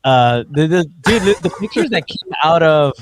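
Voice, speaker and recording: A man's voice: a little high, animated, normal speed, dry recording. Laid-back man on a dry mic. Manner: laid-back, lots of fillers and laughs. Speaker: podcast co-host. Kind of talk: casual chat.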